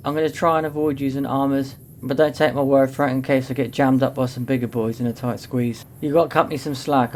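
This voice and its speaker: A man's voice: medium pitch, darkish tone, a little hiss or hum. A young man giving cheeky, self-mocking commentary over gameplay footage. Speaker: gaming YouTuber.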